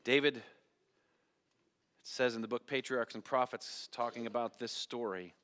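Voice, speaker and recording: A man's voice: mid-range voice, fairly even intonation, normal speed, fairly bright tone, smooth. A man preaching a sermon as pastor, telling a Bible story dramatically and putting questions to the congregation. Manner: dramatic storytelling, acting out biblical voices, asking the congregation questions. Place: church sanctuary. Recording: long hall reverb of a church.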